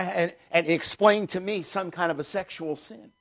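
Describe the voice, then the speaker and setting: A man preaching a sermon as pastor, emphatic and repeating key phrases, slowing down to stress scripture. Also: high-pitched, fairly bright tone.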